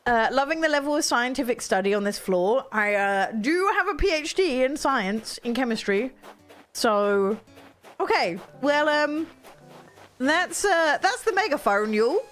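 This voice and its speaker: A woman's voice: sits high, lively intonation, unhurried, a bit bright, soft background music. A woman chatting casually on a live game stream, reacting to viewers' comments. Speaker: streamer playing a video game.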